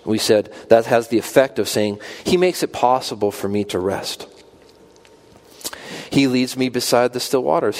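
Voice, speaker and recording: Delivering his sermon with earnest conviction, the pastor rises to forceful high points, then sinks back into a quiet, low voice.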